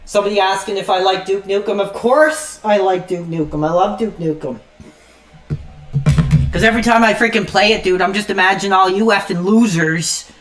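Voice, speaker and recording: A man streaming an angry, profane rant, swinging between loud outbursts and low muttered asides. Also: moderate pace, soft background music. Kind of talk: angry ranting monologue.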